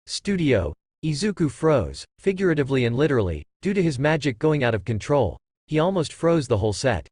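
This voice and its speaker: Lively man reading a story. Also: mid-range voice, a little fast, few pauses, breathy edge, dry recording, clean studio sound. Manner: reads every character in one voice. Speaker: fan-fiction narrator. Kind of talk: scripted story narration.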